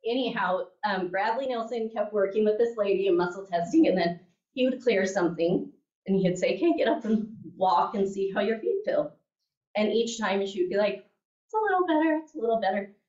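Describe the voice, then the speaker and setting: A woman's voice: medium pitch, normal speed, darkish tone. A woman teaching a class, telling a story in a chatty way and often checking in with her listeners. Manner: chatty, keeps checking in with "okay?" and "right?". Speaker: class instructor. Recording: echoey room, mic at a distance, dull sound.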